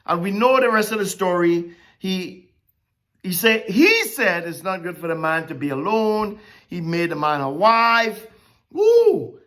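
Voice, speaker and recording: A Bible teacher giving a conversational sermon, animated and repeatedly checking in with listeners. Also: medium pitch. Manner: animated, keeps checking in with "okay?" and "right?".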